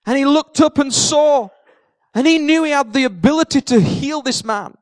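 A man's voice: very high-pitched, moderate pace, no echo. A man preaching a sermon, retelling a story with energy, acting out the characters' words and repeating key phrases for emphasis. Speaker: pastor.

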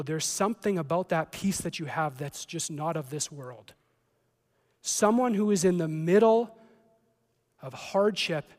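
A man's voice: high voice, in a large hall. A man preaching a sermon as a pastor, reading scripture and then talking in a conversational way with joking asides.

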